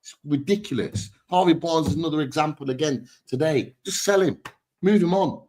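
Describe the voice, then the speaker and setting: A man's voice: on the high side, normal speed, darkish tone. A man on a fan panel, ranting bluntly and heatedly about his team's players. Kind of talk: heated football fan chat.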